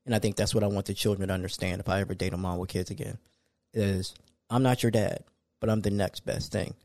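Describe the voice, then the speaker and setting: Dude talking solo on his podcast, kinda low voice, chill but gets worked up. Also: quick pace, dry recording. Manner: casual, conversational, animated when ranting. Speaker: podcast host.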